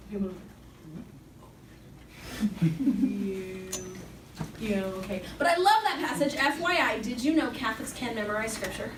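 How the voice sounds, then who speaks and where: High-voiced woman giving an echoey faith talk. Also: animated, unhurried, long pauses. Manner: casual, joking, chatty preaching. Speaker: speaker at a Catholic youth summer program. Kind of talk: faith talk to young people. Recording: echoey room, distant mic, background noise.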